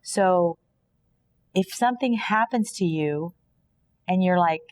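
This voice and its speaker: Earnest lower-voiced woman sharing testimony. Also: slow, long pauses, a little mellow, slight background noise. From Kansas, USA. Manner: earnest, preachy, often voices imagined dialogue. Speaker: podcast guest. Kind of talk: personal faith testimony in conversation.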